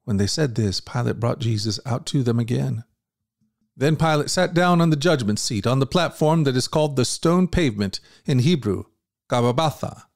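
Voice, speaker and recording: Male podcast host reading scripture; earnest, even, dry studio voice. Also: mid-range voice, moderate pace, gravelly, no echo. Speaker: host and Bible reader.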